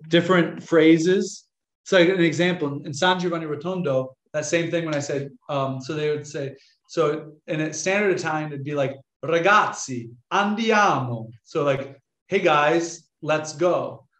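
An American man, a young Catholic priest, talks to an audience in a loose, story-telling lecture. His voice sits a little high and he slips into the voices of the people he quotes. The sound bounces around an echoey room. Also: normal speed. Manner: chatty, animated, acts out quoted voices. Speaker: Catholic priest giving a talk.

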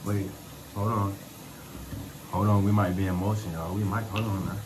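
A man's voice: low voice, level tone, normal speed, background noise. A young man chatting casually to his viewers in a prank vlog, slangy and repetitive, recorded at home near a running shower. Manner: slangy, chatty, repeats himself. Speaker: prank vlogger. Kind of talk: casual vlog talk to camera.

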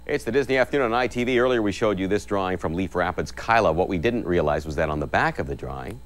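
Canadian guy hosting saturday morning kids tv, lively up and down voice, fairly low, chatty. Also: fast, noisy background. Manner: upbeat, chatty, reading out viewer names. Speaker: TV host. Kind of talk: live local kids' TV hosting. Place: TV studio.

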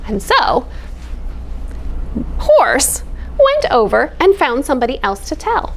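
A woman's voice: fairly high pitch, measured pace. Sing-song woman reading to children. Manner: expressive, sing-song storytelling. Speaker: children's librarian. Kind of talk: reading a picture book aloud.

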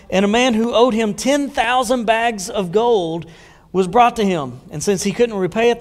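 A man's voice: high-pitched, in a large hall. A man preaching a sermon as a pastor, talking in a conversational way and putting questions to the congregation. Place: church sanctuary.

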